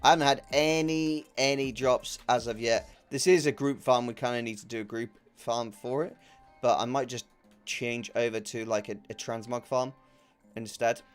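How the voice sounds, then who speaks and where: A man's voice: medium pitch, steady tone, normal speed, clean tone, soft background music. A young man chatting casually on a game stream, laughing often and swearing freely. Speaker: live-streaming gamer.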